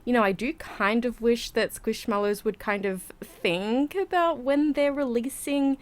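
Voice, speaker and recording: Speaking a little high and a little slow, an Australian vlogger records a chatty voiceover on her home mic. She rambles, giggles, and sounds slightly breathless.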